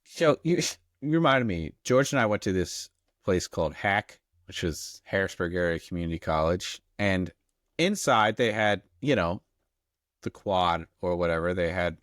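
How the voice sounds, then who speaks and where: Sardonic man with a lively voice. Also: deep voice, normal speed, no room sound, studio quality. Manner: sardonic, questioning, swears casually. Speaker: podcast co-host. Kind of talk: casual chat recapping a TV episode.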